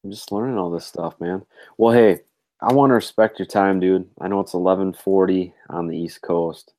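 A man's voice: deep voice, steady tone, normal speed, darkish tone. A man hosting a casual podcast over a video call, easygoing and curious, often calling his co-host "dude".

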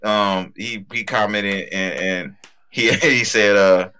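A man co-hosting a video game podcast in a crude, playful, rambling way, full of restarts and shout-outs to listeners. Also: fairly low pitch, fairly even intonation, slow, clean tone. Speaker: podcast co-host. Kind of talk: casual podcast chat.

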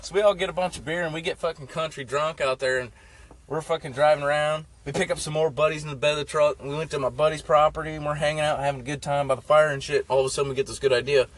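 A man's voice: a little high, fairly even intonation, racing. A young man telling stories in a casual, profane, rambling way, full of "like". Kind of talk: casual storytelling chat. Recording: faint background noise.

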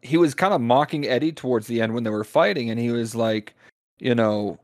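A man's voice: medium pitch, a little fast, dry recording, clean studio sound. A man in a casual movie discussion who speaks hesitantly, with stumbling restarts.

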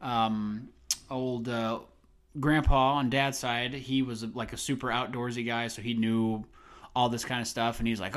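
A man co-hosting a movie podcast in casual chat, animated, laughing often and slipping into high voices to act out quotes. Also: unhurried. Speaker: podcast co-host.

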